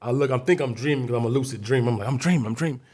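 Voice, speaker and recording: A man's voice: medium pitch, very fast, a little mellow. A man from Chicago, a guest comedian, telling a story in a casual interview, acting out scenes and voices vividly.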